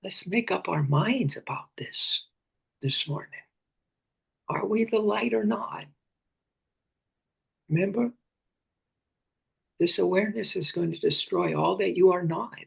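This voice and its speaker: A man leading a guided meditation, speaking slowly and often sinking into breathy whispers, repeating phrases and names softly. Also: high-pitched. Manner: slow, drifting into breathy whispers. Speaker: meditation teacher.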